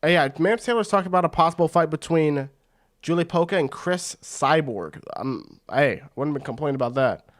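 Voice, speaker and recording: A man hosts a fight watch-party stream, talking in a slightly raised pitch. He rambles excitedly and drops slang like "bro" as he calls the action. His commentary stays loose and conversational. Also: fairly quick. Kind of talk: casual fight commentary on a livestream.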